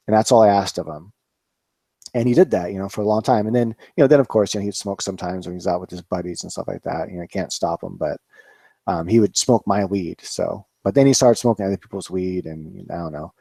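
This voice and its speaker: Dude in his 40s rambling on a livestream, lotta ums and cussing, low dark voice. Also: a little fast, creaky, no room sound. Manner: rambling, many fillers, swears freely. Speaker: cannabis grower, channel host. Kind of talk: casual live-stream chat.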